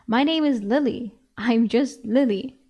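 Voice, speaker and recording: A woman's voice: a little high, measured pace, mellow. A woman voicing an exasperated young heroine in a novel she reads aloud, firing off incredulous retorts. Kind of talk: reading a novel aloud with voices.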